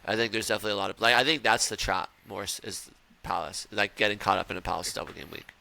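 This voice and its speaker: A man hosting a casual podcast chat, relaxed and thinking aloud with fillers. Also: fairly low pitch, fast, gravelly. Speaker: podcast host.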